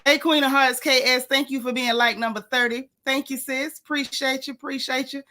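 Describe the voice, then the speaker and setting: A woman's voice: high voice, fairly even intonation, fairly quick, pushed and bright. A woman hosting a casual livestream, chatting and greeting viewers by name. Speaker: livestream host.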